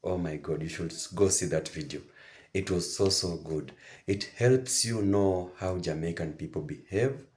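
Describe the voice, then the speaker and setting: Male reaction host with a very low voice, enthusiastic and repetitive chat. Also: moderate pace, darkish tone. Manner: enthusiastic and repetitive, circling back to his points. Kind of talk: casual commentary to viewers.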